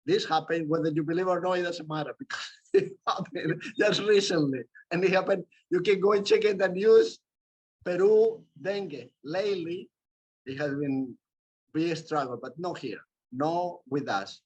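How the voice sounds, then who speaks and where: A man's voice: on the high side, normal speed, a little mellow, husky, low-quality recording. A man from South America, presenting a talk, tells a personal story in a loose, rambling way with restarts and asides. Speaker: presenter of a medical talk series.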